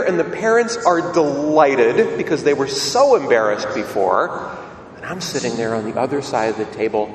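A man preaching a sermon, telling a story in a lively way and asking his listeners questions. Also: on the high side, slight background noise. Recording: echoey hall, mic at a distance, faint ambience.

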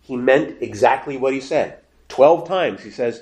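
A man preaching a sermon, animated, building to emphatic quoted lines. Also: mid-range voice, a little slow, echoey room.

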